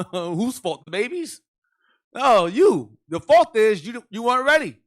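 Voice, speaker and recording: Deacon leading a Bible class: a man with a high-pitched voice, emphatic and preachy. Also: big pitch swings, a little slow. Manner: preachy, emphatic, calls out instructions to a reader.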